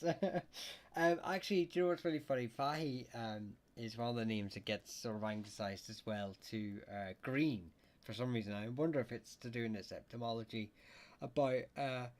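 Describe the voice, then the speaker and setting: A man hosting a livestream and answering viewers' questions, with lots of "uh" and "um" and frequent restarts. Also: fairly low pitch. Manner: hesitant, many fillers and restarts; reads chat questions aloud. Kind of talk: casual livestream chat.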